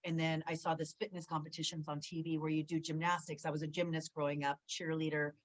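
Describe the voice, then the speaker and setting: Heard on a low-quality recording, a low-pitched woman in her forties, once a wrestler and from Southern California, chats fast as an interview guest. She's an animated storyteller who voices what others said, sprinkling in many fillers during this casual conversation.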